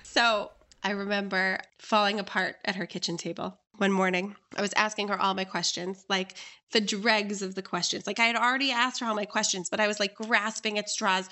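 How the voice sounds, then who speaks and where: A woman telling her own story in a relaxed conversation, words tumbling out with plenty of "like" fillers. She talks at an ordinary middle pitch and slips into playful voices when she quotes people. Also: normal speed. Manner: animated, lots of "like" fillers, acts out quoted voices. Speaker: life coach and interview guest.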